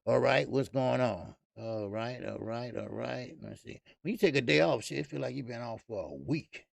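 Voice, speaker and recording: This man hosts a live boxing stream, speaking at normal speed in a creaky, mid-range voice with no echo. He says hello to viewers and rambles casually, swearing and leaning on lots of fillers.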